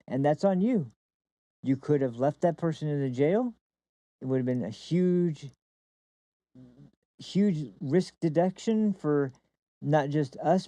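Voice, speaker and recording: A man making a forceful political argument, full of fillers and restarts. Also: fairly high pitch, dry recording, low-quality recording.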